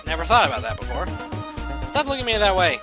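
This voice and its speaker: A man's voice: high voice, very animated, fast talker, over music. A man hosting a let's play, giving playful, giggly commentary and talking back to the game. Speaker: gaming channel host.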